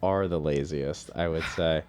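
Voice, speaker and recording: Deep-voiced jokey man hosting. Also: fairly even intonation, noisy background. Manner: laughing, jokey, quick to agree. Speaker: podcast host, stand-up comic. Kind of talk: casual podcast chat.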